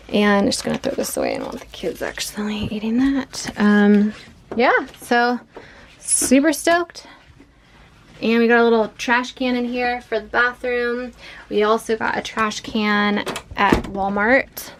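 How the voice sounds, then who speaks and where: A woman's voice: mid-range voice, a little hiss or hum. A woman vlogging casually from inside a motorhome, rambling with lots of fillers while showing things to the camera. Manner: chatty, rambling, with frequent fillers. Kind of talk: casual vlog chat.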